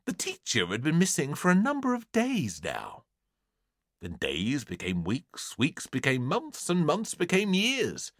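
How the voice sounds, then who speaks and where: A man's voice: a little high, huge pitch swings, unhurried, a bit bright, no echo, studio quality. A British man narrating a comic children's story in a theatrical, playful way. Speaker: audiobook narrator.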